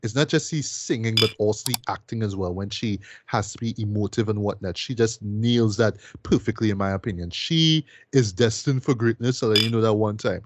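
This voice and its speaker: A man's voice: fairly low pitch, brisk, few pauses, noisy background. Rambling, enthusiastic man in casual chat. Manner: enthusiastic, rambling, full of fillers and tag questions. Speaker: podcast co-host reviewing a film. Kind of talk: casual film review chat.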